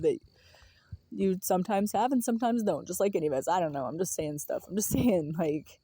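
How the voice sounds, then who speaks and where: Husky, low-key woman musing aloud. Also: animated, fairly quick, warm tone, no room sound. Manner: musing, laughs often, trails off. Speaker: vlogger. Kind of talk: rambling casual monologue.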